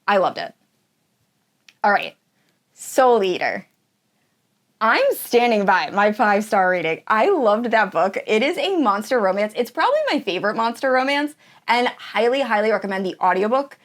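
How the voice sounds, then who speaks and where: Woman, book reviewer, casual chat, enthusiastic, gushing, lots of fillers, mid pitch. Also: a bit bright. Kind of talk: casual tier-ranking chat.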